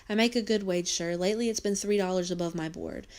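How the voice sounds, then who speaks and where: Young mill girl, nervous yet spirited, polite and halting, read by a woman; slightly low voice. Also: darkish tone, clear, resonant tone, close to an everyday voice. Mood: timid, deferential. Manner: polite, halting, grows bolder.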